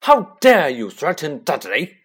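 A man's voice: a little high, very animated, measured pace, bright, forceful tone, husky, faint music behind, voice pushed up, full character voice. Man doing a roaring, blustering uncle. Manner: roaring, snarling, thundering. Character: blustering bullying middle-aged uncle.

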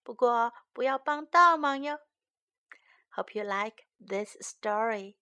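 A woman reading a picture book slowly and clearly to children, repeating phrases and translating as she goes. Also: on the high side, pushed and bright, dull audio. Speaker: storyteller and English teacher for children. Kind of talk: slow bilingual read-aloud for kids.

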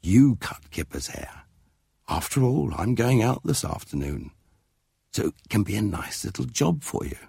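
A man's voice: fairly low pitch, sing-song, a little slow, creaky, warm tone, breathy edge, no echo, clean studio sound, full character voice. A man reading a storybook, voicing a flustered mother who exclaims dramatically. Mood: sly.

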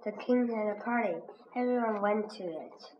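A woman slowly reading a children's reader aloud as a lesson, pronouncing each word with care. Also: mid-range voice, soft background music. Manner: slow, careful, clearly pronounced. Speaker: reading teacher. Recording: dull lo-fi recording with faint hiss.

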